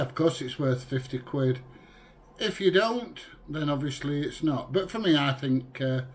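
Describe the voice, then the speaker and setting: A British man chatting casually in a product review vlog, rambling with plenty of fillers. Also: fairly high pitch. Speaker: vlogger. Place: inside a vehicle, then at a computer.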